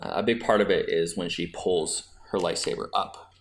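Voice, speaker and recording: A man's voice: deep voice, moderate pace. A man hosting a podcast, making his case in a chatty, argumentative way with many restarts. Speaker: podcast host. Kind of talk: casual fan discussion.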